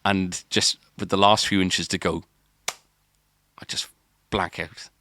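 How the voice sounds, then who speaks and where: A man's voice: low-pitched, level tone, takes it slowly, pushed and bright, dry recording. A man, a podcast co-host, telling a long story in casual chat, rambling with restarts and filler words.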